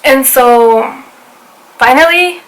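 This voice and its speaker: A young woman in her twenties telling a story in a casual vlog, animated, swearing often and reenacting what everyone said. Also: high-pitched, slow pace, poor audio. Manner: animated retelling, swearing, lots of "I was like". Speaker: vlogger.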